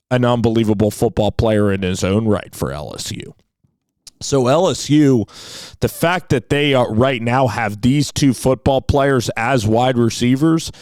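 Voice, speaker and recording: A man's voice: mid-range voice, darkish tone, smooth, no room sound. An enthusiastic man giving a casual football film breakdown, with frequent "like" and "you know" fillers.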